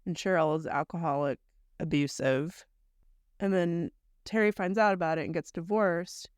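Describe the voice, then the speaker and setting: Low-voiced woman podcast co-host, dry sound. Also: normal speed, clean tone, no room sound. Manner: conversational, recounting events in long run-on chains; blunt, mild swearing. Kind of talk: casual chat recapping a story.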